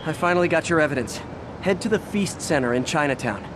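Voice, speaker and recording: A man's voice: a little high, lively intonation, fast, background noise, close to an everyday voice. An actor playing a friendly, earnest young male hero who talks in an upbeat, chatty way.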